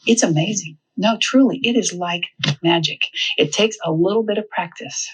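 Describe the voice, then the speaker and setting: A woman giving a humorous, animated seminar talk on parenting. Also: on the low side, moderate pace, slightly rough, rough recording. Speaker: parenting speaker.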